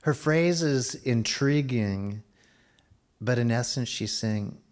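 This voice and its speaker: A middle-aged man preaching a sermon, slowing down for emphasis and dropping to a near hush at times. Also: mid-range voice. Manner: expressive preaching, slows for emphasis and drops to a hush. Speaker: pastor.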